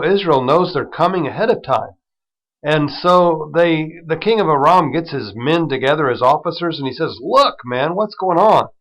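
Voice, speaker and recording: A man's voice: mid-range voice, fairly bright tone, rough recording. A man teaching a devotional Bible study as the program's host, retelling scripture in plain everyday words and turning it into encouragement for his listeners. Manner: encouraging, prays over listeners.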